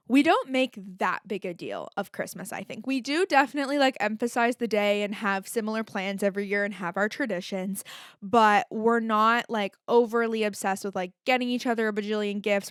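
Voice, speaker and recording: A woman's voice: medium pitch, dry recording, studio quality. A young woman hosting a casual solo podcast, chatty and candid, with lots of filler words and the odd swear. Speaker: podcast host.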